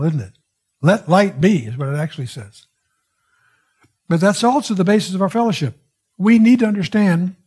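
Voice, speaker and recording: Man, Bible teaching, husky, fairly high voice, musing, digressive. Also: a little mellow. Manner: digressive, musing, frequent wows and restarts.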